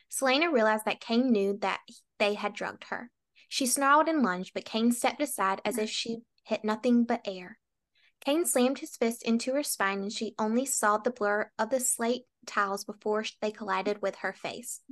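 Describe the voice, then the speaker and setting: A young woman co-hosting a book podcast, trading dry quips in casual chat and reading chapters aloud at a steady pace. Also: fairly high pitch, normal speed.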